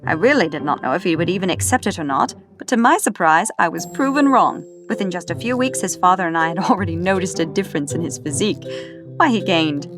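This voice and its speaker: A jovial older man ribs the young fellow in a folksy, boastful drawl, as a woman narrator puts him on. The voice sits on the low side, with faint music behind the reading. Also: expressive, fast, lightly acted. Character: jovial teasing older male farmer. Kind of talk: audiobook character voice.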